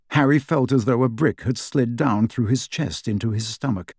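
Male audiobook narrator, measured and expressive, mid-pitched, dry booth sound. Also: creaky, no echo. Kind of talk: scripted narration.

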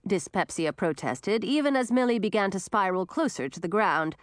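A woman reading a children's fantasy storybook aloud, with dramatic, expressive narration. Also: medium pitch, normal speed, few pauses, clear, resonant tone, no room sound, studio quality.

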